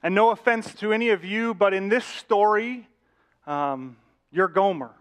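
Animated male pastor telling a story. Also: high voice, a little slow, smooth. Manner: animated, addressing congregation directly. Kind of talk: sermon storytelling.

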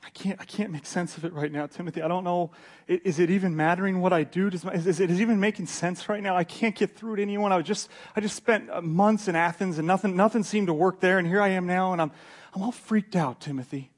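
A discouraged apostle talks in halting, stammering bursts, as a man puts him on within a sermon. The voice sits a touch high for a man and breaks off mid-phrase, worn down and anxious. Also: mellow. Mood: distraught. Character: distraught weary male apostle, discouraged.

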